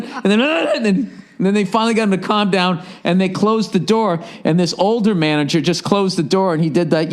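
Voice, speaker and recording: A man hosting a podcast, telling stories in casual chat with a sarcastic, profane manner. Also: high-pitched. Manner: profane, sarcastic, animated storytelling. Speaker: podcast host. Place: indoors at home by a fire.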